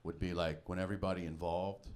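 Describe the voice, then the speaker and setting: A man's voice: deep voice, level tone, fast talker, a little mellow. A man doing a stand-up comedy set on a club stage, telling stories with punchy asides to the audience. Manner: conversational storytelling, punchy asides to the crowd. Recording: live club recording with crowd laughter.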